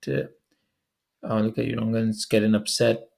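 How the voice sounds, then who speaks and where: A young man from Pakistan, a video commentator reading viewer comments aloud with quick chatty asides and frequent laughs. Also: fairly low pitch, completely flat delivery, creaky, darkish tone. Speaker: online commentator.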